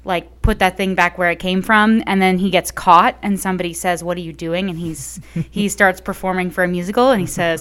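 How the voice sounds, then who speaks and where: A woman's voice: on the low side, steady tone, a little fast, a bit bright, smooth. A woman co-hosting a podcast, chatting casually with many filler words and light laughs. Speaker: podcast co-host. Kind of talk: casual chat.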